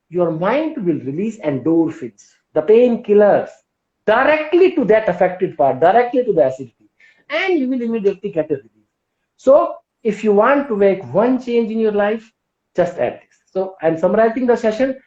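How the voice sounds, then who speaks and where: In a mellow, sing-song, medium-pitched voice at a moderate pace, a woman with an Indian English accent teaches yoga live online. She is persuasive and keeps asking her audience questions during this wellness talk. The stream's phone or laptop mic sounds roomy, dull and lo-fi.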